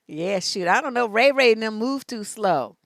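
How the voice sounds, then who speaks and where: A woman relationship coach giving casual live-stream advice, sassy and animated, laughing often as she talks. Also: fairly high pitch, vocal fry, dry recording, studio quality.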